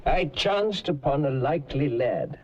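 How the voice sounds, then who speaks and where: An actor playing a pompous, wealthy gentleman who gives a stately, drawling speech to a board. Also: mid-range voice, lively intonation, measured pace, a little hiss or hum, natural voice. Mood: proud, formal. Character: pompous rich English gentleman addressing a board. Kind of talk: 1960s film comedy acting. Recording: dull film soundtrack with faint music.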